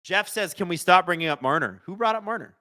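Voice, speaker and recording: Lively, bright-voiced man hosting a live stream. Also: high-pitched, quick pace. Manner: excitable, joking, chats with viewers. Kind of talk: live watch-along commentary, reading chat.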